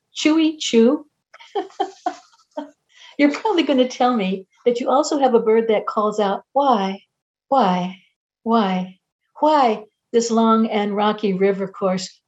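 A middle-aged woman delivers a keynote address in a mellow, warm voice. Her delivery is lyrical and imagistic, and she playfully mimics bird calls. The audio is dull and lo-fi, like a radio broadcast. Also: mid-range voice. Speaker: keynote speaker, nature writer and philosopher. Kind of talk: lyrical public lecture.

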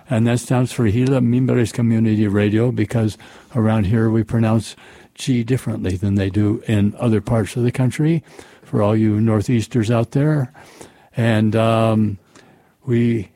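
Mellow husky radio host, man. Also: fairly even intonation, dry recording. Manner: playful, self-mocking, drawn-out pitch reading. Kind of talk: casual community radio chat.

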